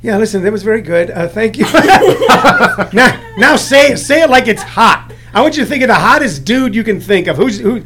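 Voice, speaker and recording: A man playing a casting director in a comedy sketch, coaxing and joking with quick asides. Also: high voice, animated, very noisy.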